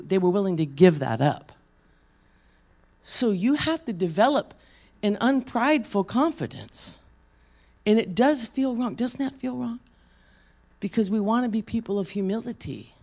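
A woman's voice: medium pitch, lively intonation, measured pace, long pauses, darkish tone. A woman preacher delivering a conversational sermon, asking the room questions and acting out quoted voices.

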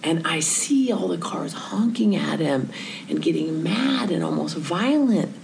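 A woman with a fairly low voice tells a story in casual conversation. She acts out the people in it and drops to near-whispers at times. A faint hiss sits behind her. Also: lively intonation, unhurried, creaky, darkish tone, poor audio. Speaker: Christian speaker telling a story.

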